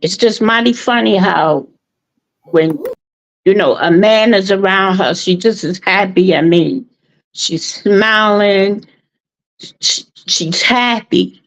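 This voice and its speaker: A woman calling in to a live show, talking slowly and haltingly, with emotion in her voice. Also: mid-range voice. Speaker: caller. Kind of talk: call-in commentary. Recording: muffled call-in line.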